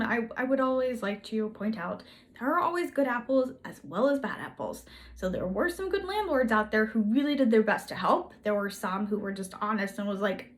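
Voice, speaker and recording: A woman telling history in a casual, chatty way, full of sarcastic, playful asides. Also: on the high side. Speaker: history video host.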